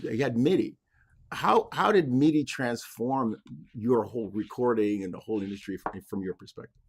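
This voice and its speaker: A man's voice: medium pitch, fairly bright tone. A male interviewer who asks questions with enthusiasm, reminisces, and often restarts his phrases. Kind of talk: conversational interview.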